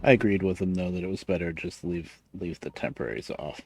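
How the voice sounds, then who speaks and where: A man's voice: low-pitched, fast talker, gravelly, a little mellow, soft background music. A man with a lisp, casually rambling as he streams a game and mutters to himself. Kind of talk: casual live-stream commentary while playing.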